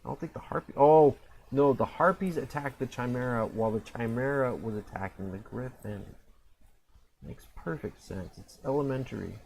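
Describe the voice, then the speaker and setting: A man's voice: medium pitch, creaky, darkish tone, slight background noise, rough recording. A man casually commentating his own game, rambling and self-mocking, with frequent fillers and restarts. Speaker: gameplay commentator.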